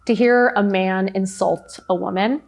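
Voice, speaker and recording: Frank, animated middle-aged woman. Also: mid-range voice, a little slow, vocal fry. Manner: frank, animated storytelling, often acts out quotes. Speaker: podcast guest. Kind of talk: candid interview conversation.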